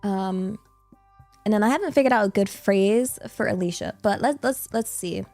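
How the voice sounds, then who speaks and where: A woman's voice: mid-range voice, normal speed, a little mellow, dry recording, faint music behind. Bubbly, chatty young woman streamer. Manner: bubbly, chatty, sprinkles in Japanese phrases. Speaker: VTuber streamer. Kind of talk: casual livestream chat.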